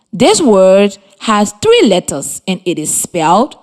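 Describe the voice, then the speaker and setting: A woman from Liberia runs a radio reading lesson, her delivery slow and clear as she poses encouraging questions to the children. The voice is medium in pitch and somewhat dark in tone, with pitch that swoops wildly.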